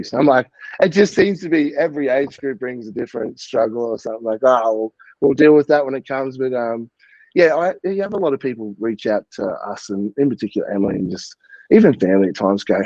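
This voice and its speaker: A man, a guest on a podcast, explaining things in a thoughtful and steady way. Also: medium pitch, brisk, no room sound, highs cut off. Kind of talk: casual podcast chat.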